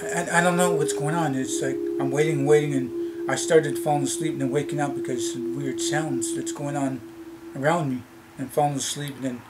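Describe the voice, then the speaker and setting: A man from Canada, telling a childhood story in a vlog, in a halting, rambling way with many fillers and restarts. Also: fairly high pitch, fairly even intonation, very noisy. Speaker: vlogger. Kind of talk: casual storytelling. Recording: loud music behind the voice.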